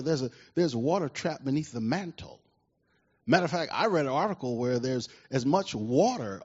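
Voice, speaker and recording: A man preaching a sermon in an animated way, often asking the congregation questions, with a husky voice. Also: fairly high pitch. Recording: dull lo-fi recording.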